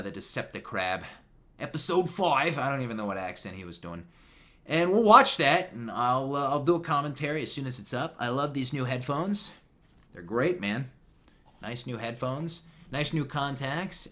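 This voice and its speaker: Chatty, bright-voiced man commentator. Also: mid-range voice. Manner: chatty, jokey, trails off with fillers. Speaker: YouTube commentator. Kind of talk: casual commentary on a TV episode.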